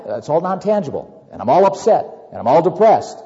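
A man preaching a sermon, acting out everyday worries with lively repetitions and asides. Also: on the high side, fairly quick, hardly any pauses. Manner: animated, acts out worried scenarios with repetitions. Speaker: pastor. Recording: lo-fi recording with long reverb.

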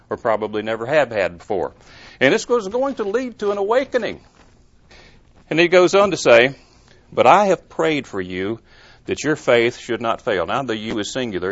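A man preaching a sermon in an earnest way, stressing points with emphatic rises and rhetorical questions. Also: medium pitch. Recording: muffled lo-fi recording.

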